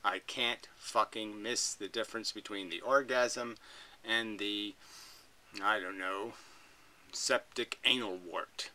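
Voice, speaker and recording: A man's voice: lowish voice, steady tone, slow pace, pushed and bright, poor audio. A man recording a reaction video, arguing back at a clip with emphatic, profane commentary.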